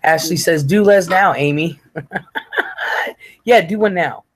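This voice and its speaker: A woman's voice: lowish voice, measured pace. A woman hosting a casual live chat, reading viewer comments aloud and laughing often with a playful, teasing manner. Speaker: host.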